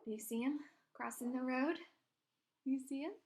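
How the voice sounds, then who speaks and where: A woman teacher reading a picture book aloud to children, expressive and pointing out the pictures. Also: high voice, moderate pace.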